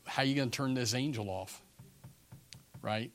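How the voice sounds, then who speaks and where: A man preaching a sermon in a folksy storytelling way, often restarting and repeating words, swinging from hushed tones to sudden shouts. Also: medium pitch, measured pace.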